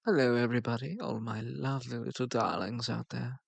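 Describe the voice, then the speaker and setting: A man's voice: medium pitch, fairly even intonation, brisk, creaky, slightly rough, dry recording. A man hosting his channel, giving a casual, playful and flirty outro and laughing often. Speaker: channel host.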